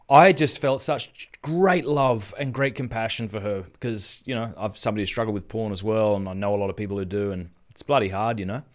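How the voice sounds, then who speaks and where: An Australian man in his thirties talks on a live stream in a casual, earnest way, often restarting his sentences. His voice sits at a middle pitch. He speaks as a host telling a personal story. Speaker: Catholic speaker and podcast host.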